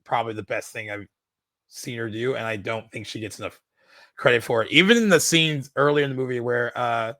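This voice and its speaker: A man co-hosts a film podcast in easy conversation, his tone bright and forward. He keeps circling back with fillers and restarts as the thoughts come, and the sound is close and dry with no room around it. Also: mid-range voice, fairly quick, dry recording. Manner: enthusiastic, many "like" fillers and restarts. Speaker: podcast co-host. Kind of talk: casual film discussion.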